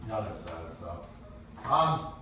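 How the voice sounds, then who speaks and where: A man teaching sailing racing tactics in a casual, anecdotal way, often acting out what other sailors shouted. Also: low voice, very animated, unhurried. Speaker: sailing instructor. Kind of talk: casual classroom talk on racing rules. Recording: echoey room, distant mic, faint hiss.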